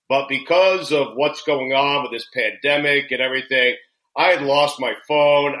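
Male podcast host, bright tone, animated storyteller, laughs and swears. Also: medium pitch, poor audio. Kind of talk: casual comedic chat.

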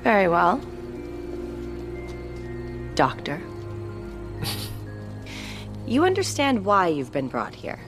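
A woman's voice: lowish voice, huge pitch swings, slow, pauses often, heavily acted. An actress playing a determined young woman in a TV drama who presses a doctor for answers. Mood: cool. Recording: TV clip with music beneath.

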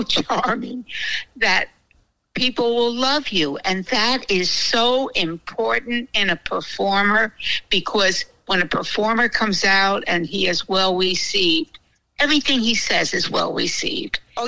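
An older woman with a New Jersey accent speaks in a gravelly, bright voice. She chats casually with her grandson and wanders from thought to thought. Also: medium pitch, measured pace, low-quality recording. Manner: chatty, wandering, self-conscious about her accent. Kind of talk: casual family chat.

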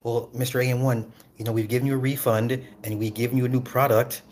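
A man's voice: medium pitch, level tone, quick pace, darkish tone, a little hiss or hum, natural voice. A man playing a timid customer service representative who stammers and sounds apologetic. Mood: flustered. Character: timid male customer service rep, flustered.

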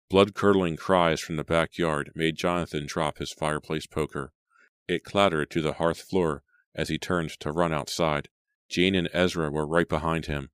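A man reads a storybook aloud, steady and measured. His voice is extremely deep, and the recording is dry and close, with almost no room sound. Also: clear, resonant tone, no room sound. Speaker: audiobook narrator. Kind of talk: scripted audiobook narration.

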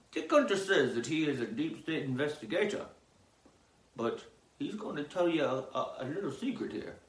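A man riffing on an odd news story in a rambling comedy bit, lurching from loud outbursts to low mumbled asides. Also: reverberant.

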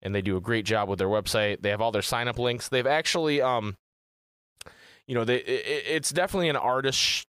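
Podcast co-host, male, mid pitch, dry close mic, rambling casual delivery. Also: a little fast, a bit bright, smooth, no room sound. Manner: rambling, laid-back, swears freely.

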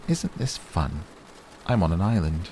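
A man's voice: sits low, animated, measured pace, mellow. A man doing boy Christopher Robin, eager. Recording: faint rain noise behind.

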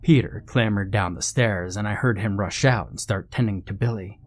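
A man narrating a horror story in a measured, suspenseful way. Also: fairly low pitch.

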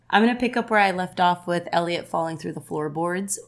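A woman's voice: lowish voice, vocal fry, slight background noise. A woman co-hosting a casual podcast, retelling a film plot in a chatty way with lots of "like". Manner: chatty storyteller, says "like" a lot, quotes characters in a livelier voice.

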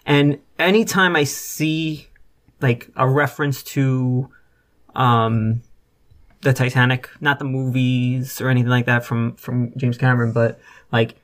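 A man's voice: medium pitch, flat delivery, a little slow, fairly bright tone. A young man co-hosting a casual podcast, rambling with lots of fillers and casual swearing. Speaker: podcast co-host. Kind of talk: casual chat.

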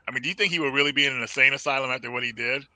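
A man's voice: medium pitch, very fast, pushed and bright, no echo. A man joining a movie review podcast as a guest, chatting casually and hedging his points with fillers. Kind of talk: casual chat.

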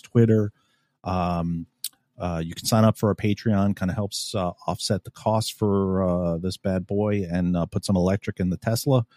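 A man with a low voice hosts a podcast and tells a story in casual chat. He swears freely and acts out the people in it with loud, animated bursts. The sound is dry and close to the mic. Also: no echo. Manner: animated, swears a lot, acts out quotes loudly. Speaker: podcast host.

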